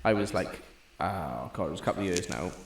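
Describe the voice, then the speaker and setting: Young male podcast co-host, lowish voice, chatty storyteller who swears a lot, roomy echo on the mic. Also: fairly quick. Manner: swearing, storytelling, animated retelling. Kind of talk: casual chat.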